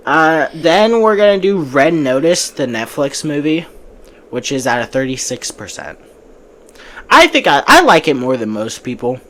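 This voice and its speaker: A man's voice: fairly high pitch, very animated, moderate pace, a bit bright. Casual chatty man hosting a podcast. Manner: chatty, breezy opinions with frequent restarts. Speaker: podcast host. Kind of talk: casual movie podcast chat.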